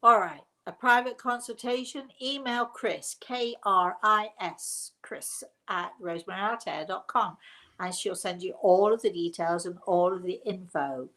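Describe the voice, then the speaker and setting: A woman hosts a live spirit-medium stream and answers her viewers in a warm, chatty way, with many fond terms of endearment. Her voice sits at an ordinary middle pitch. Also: measured pace. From England. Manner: affectionate, calls viewers darling.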